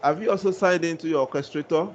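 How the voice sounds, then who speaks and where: A man's voice: fairly high pitch, fast talker, a little hiss or hum. A man teaching a live online class, patient and reassuring, often repeating himself. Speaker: instructor. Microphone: video call.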